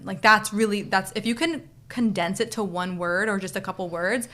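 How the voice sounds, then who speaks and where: A young woman with a bright, crisp voice talks as a podcast guest. She explains her points earnestly and step by step in an easy, conversational way. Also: medium pitch, normal speed, hardly any pauses. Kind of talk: casual conversation.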